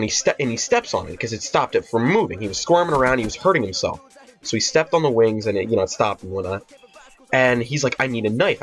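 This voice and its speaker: A teenage boy with a mid-range, somewhat breathy voice rambles through a profane storytime vlog, repeatedly restarting and filling pauses. The audio is dull and lo-fi, with faint music playing.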